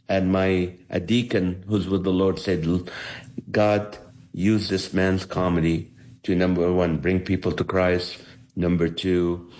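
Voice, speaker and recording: A man's voice: low-pitched, unhurried. A middle-aged man from the Holy Land, a comedian telling stories in an interview, acting out each quoted voice with energy. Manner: animated, acts out the quoted voices. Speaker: comedian guest. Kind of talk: storytelling in an interview.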